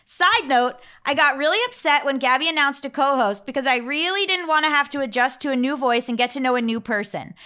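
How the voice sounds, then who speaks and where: Bright high-voiced playful woman. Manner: playful, laughs easily. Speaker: podcast host. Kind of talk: casual chat, reading listener email.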